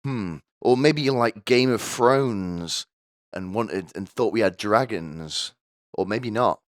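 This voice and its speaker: A young man delivers a crude, sardonic comic monologue with plenty of rambling asides. His voice sits on the lower side. The recording is dry and close, with almost no room sound. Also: slow pace, no room sound. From United Kingdom. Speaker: podcast host. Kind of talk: comedic monologue.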